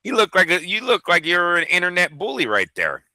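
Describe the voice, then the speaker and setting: A man's voice: high-pitched, huge pitch swings, a little fast, pushed and bright, dry recording, low-quality recording. A man co-hosting a fight news show, giving blunt, opinionated takes with plenty of swearing. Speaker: boxing show co-host. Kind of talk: casual profane news chat.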